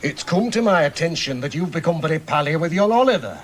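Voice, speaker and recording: Picture a man playing a blunt, bombastic Yorkshire tycoon in a TV sitcom. He talks high and lively, swinging his pitch as he boasts. His manner is plain-spoken and pompous. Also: quick pace, background noise, close to an everyday voice. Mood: blustering. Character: blunt boastful self-made millionaire knight. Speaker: hospital benefactor. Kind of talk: 1980s sitcom acting.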